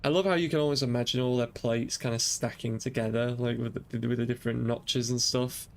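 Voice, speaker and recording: In this let's play commentary, a male gaming streamer works through a game while thinking out loud, firing off question after question with earnest emotion. He has a mid-range voice with fairly even intonation and talks a little fast.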